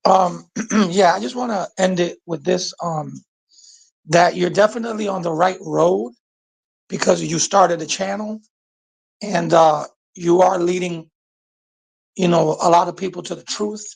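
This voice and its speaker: A man guesting on a livestream chat, his voice pitched high for a man and heavily gravelly with fry. He talks in a measured, hesitant way, leaning on ums between thoughts. The delivery stays calm and deliberate.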